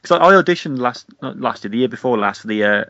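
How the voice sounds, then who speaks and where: A man's voice: mid-range voice, expressive, fast talker, bright, forceful tone, dull audio. A man chatting as a podcast guest, giggly and rambling. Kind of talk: casual podcast chat.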